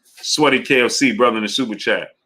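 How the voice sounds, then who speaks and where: Bright-voiced male live stream host. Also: brisk. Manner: exasperated, repetitive, voice jumps high when arguing; drops low and quiet when giving up. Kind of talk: live stream chat with viewers.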